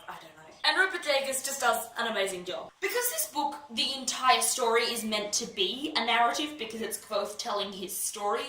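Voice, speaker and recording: A woman's voice: a little high, pushed and bright, slight background noise. Bubbly young woman gushing, echoey room. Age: young adult. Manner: gushing, enthusiastic, trails off into asides. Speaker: book vlogger. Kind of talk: casual chat. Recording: echoey room, voice a little far from the mic.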